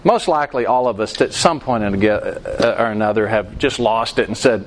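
A man's voice: on the low side, brisk, slight background noise. A man preaching a sermon, quizzing the congregation with questions and acting out quoted outbursts. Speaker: pastor. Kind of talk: interactive sermon.

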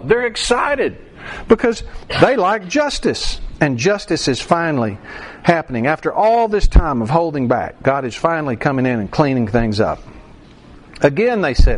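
With a fairly high-pitched voice and a moderate pace, a pastor works through a sermon verse by verse. He animatedly performs quoted voices and at one point bursts into singing a line.

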